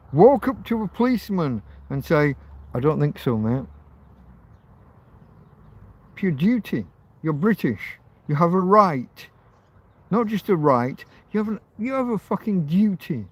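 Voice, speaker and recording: A man's voice: high-pitched, lively intonation, normal speed. A man hosting an informal livestream, ranting heatedly and swearing, with phrases repeated for emphasis. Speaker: livestream host.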